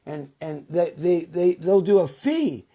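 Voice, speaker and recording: Rambling man pitching sponsors. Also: very animated, unhurried, dark tone. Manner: rambling, repetitive, salesman-like. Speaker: show host.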